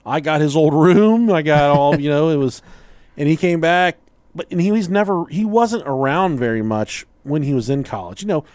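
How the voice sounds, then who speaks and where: A man's voice: on the high side, expressive, moderate pace, darkish tone, no echo. A man hosting a podcast, telling a rambling childhood story in casual chat, swearing freely and laughing as he goes. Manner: profane, laughs through his own story. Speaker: podcast host.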